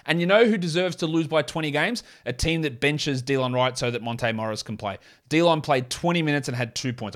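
A man's voice: medium pitch, fairly bright tone. A man hosting a solo fantasy basketball podcast, blunt and sarcastic, cursing casually as he runs through stats and reads an ad. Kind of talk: solo sports podcast with ad read.

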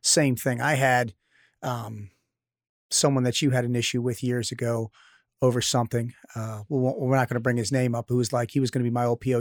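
A man's voice: mid-range voice, flat delivery, a little fast, no room sound, studio quality. Blunt, enthusiastic man hosting. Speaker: podcast host, former SEAL. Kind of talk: casual interview chat.

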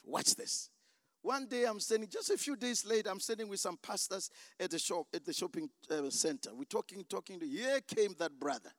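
A man pastor preaching a sermon, telling a story dramatically, acting out the voices and bursting into shouts. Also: high voice, expressive, moderate pace, no echo, studio quality.

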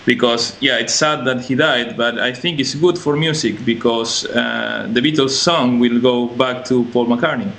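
A man's voice: mid-range voice, unhurried, vocal fry, few pauses, a bit bright, a little hiss or hum. A man in a casual podcast discussion, giving strong opinions with hesitant fillers. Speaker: podcast co-host.

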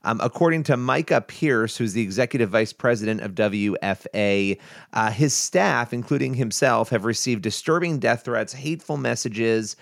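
A man's voice: mid-range voice, normal speed, gravelly, dry recording, clean studio sound. A man co-hosting a faith news podcast, recapping a story conversationally with fillers and restarts. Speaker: podcast co-host. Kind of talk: news commentary chat.

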